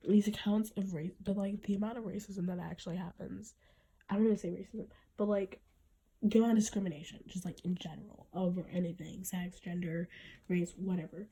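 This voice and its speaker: A woman's voice: medium pitch, fairly even intonation, brisk, mellow, breathy edge. A woman hosting her own podcast, talking in an earnest, reflective way and often restarting her sentences. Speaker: podcast host. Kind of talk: casual podcast monologue.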